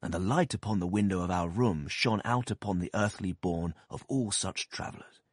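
A man narrating a classic novel as an audiobook, in an expressive, measured storytelling manner. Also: deep voice, no echo, clean studio sound.

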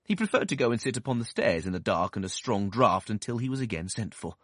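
Brief: deep-voiced man narrating a classic novel, expressive and lively in pitch. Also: slightly rough, no room sound, studio quality. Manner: expressive, measured storytelling. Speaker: audiobook narrator.

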